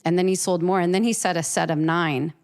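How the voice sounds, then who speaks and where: A woman's voice: fairly low pitch, steady tone, fairly quick, a little mellow, clean tone. A woman artist telling an earnest, emotional personal story as an interview guest, often restarting and repeating her words.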